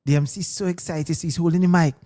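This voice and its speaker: A man's voice: on the high side, steady tone, racing, mellow. A man, a guest singer telling stories in casual chat, breaking into sung hooks and acted voices. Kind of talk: casual storytelling.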